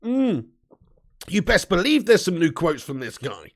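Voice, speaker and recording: A man in his thirties hosting a live football fan stream, joking, laughing and shouting out viewers. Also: high voice, very animated, measured pace. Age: 30s. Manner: laughing, jokey, loud shout-outs. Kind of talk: casual live-stream banter.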